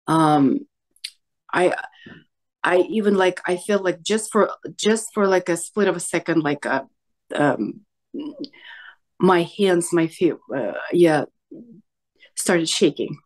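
A woman's voice: fairly low pitch, slow, pauses often. A woman talking through a painful memory as a session client, hesitant and searching for words. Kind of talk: emotional personal sharing.

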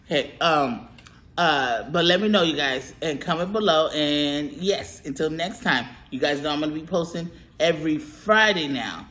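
Woman, mukbang vlogger from California, casual to-camera storytelling; animated, laughs often. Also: sits low, normal speed. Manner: animated, laughs often, quotes herself in retellings.

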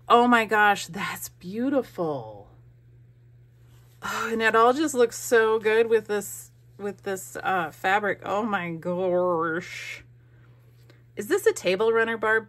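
A woman's voice: mid-range voice, a bit bright. A woman craft vlogger opening mail, who gushes, gasps and thinks aloud as she goes. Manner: gushing, gasping, thinking aloud. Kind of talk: casual unboxing chat.

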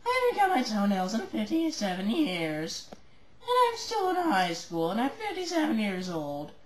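A woman voicing a nerdy fifty-seven-year-old still in high school, who mocks himself in a squeaky, whiny voice in a homemade comedy sketch. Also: huge pitch swings, normal speed. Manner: squeaky, whiny self-mockery. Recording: echoey room, faint noise.

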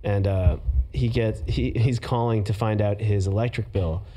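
A man who writes comedy, a podcast guest, telling an anecdote in casual chat. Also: on the low side. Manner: quick, animated storytelling.

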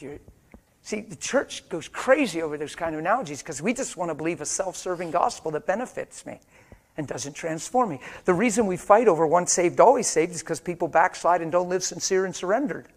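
Impassioned middle-aged male preacher, higher voice. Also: animated, fairly quick. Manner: swings from hushed storytelling to loud impassioned exhortation. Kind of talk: sermon. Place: church.

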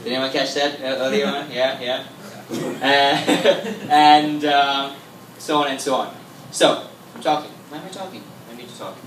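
A man's voice: medium pitch, steady tone, a little slow, fairly bright tone, a little hiss or hum. Sri Lankan-accented young man doing stage patter. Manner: chatty, showman-like. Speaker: magician. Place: comedy club stage. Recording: echoey room, mic far off.

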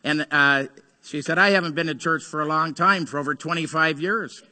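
Man, pastor, sermon, earnest storytelling, bright tone, long church reverb. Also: fairly high pitch, moderate pace. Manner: earnest storytelling, swings between urgent and hushed. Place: church sanctuary.

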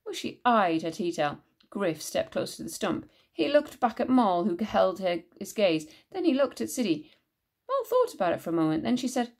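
A woman teacher reading a children's book aloud with expressive storytelling narration. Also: mid-range voice, normal speed.

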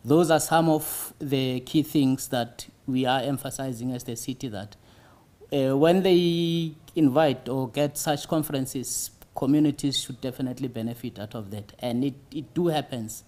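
A man, a city tourism official answering interview questions in a halting way, often pausing on fillers. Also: mid-range voice, a little mellow. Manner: halting, frequent "you see" fillers.

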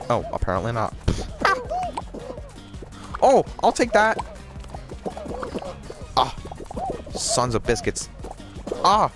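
A man giving casual, jokey commentary over his own gameplay, excitable and playful, mock raging and rhyming nonsense. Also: mid-range voice.

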